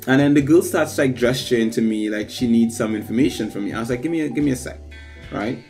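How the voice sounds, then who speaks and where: A man's voice: mid-range voice, quick pace, darkish tone, soft background music. A man casually telling a long personal anecdote, full of fillers, acting out what others said. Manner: rambling anecdote with many fillers, acts out quoted voices. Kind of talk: casual storytelling chat.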